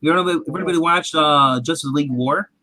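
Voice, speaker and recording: Man, casual host, animated rambling retelling, bright tense voice, fairly high pitch. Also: fast, no room sound. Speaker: podcast host. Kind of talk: casual chat recapping a TV episode.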